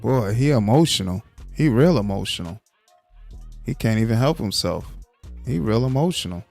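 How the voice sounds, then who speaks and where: Male commentary host, low gravelly voice, dry and mocking. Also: expressive, moderate pace, a little mellow, dry recording, soft background music. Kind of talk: live-stream commentary.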